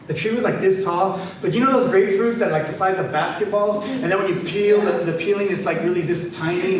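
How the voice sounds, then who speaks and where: A man, an author, telling family stories with laughter and reading a poem at a live event. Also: sits high. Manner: animated, laughing storyteller. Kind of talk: storytelling talk and poetry reading. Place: large event hall. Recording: echoey hall from far off.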